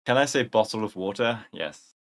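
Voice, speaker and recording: A man's voice: on the low side, expressive, moderate pace. A young man hosting a casual livestream, rambling through chat questions in gamer slang. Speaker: livestream host.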